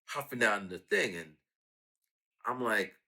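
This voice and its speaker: A man telling casual stories about his own raps, lively and acting out sounds and quotes. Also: on the low side, slow, gravelly. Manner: animated, acts out quotes and sound effects. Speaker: rapper talking about his own songs. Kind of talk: casual storytelling.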